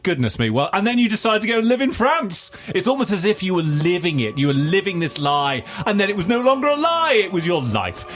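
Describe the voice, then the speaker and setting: An animated male co-presenter with a fairly high voice that leaps up and down as he talks. He chats casually in the studio, stumbling over restarts, while soft music sits faintly underneath. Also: a little fast, few pauses. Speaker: radio co-presenter. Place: radio studio.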